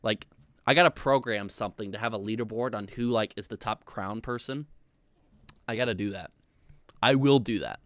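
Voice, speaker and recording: A young man hosts a casual livestream, rambling loosely and reading chat messages aloud with lots of filler words. His voice is on the low side and a bit bright, at a normal speed, with no room sound.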